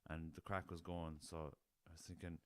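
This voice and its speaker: A young man with a west of Ireland accent hosts his own podcast, spinning loose, rambling stories full of swearing and chuckles. His voice sits very low and comes across smooth and resonant. The recording is dry and close, with no room sound. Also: flat delivery, moderate pace, dry recording. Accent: Irish, west of Ireland. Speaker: podcast host. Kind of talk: casual storytelling.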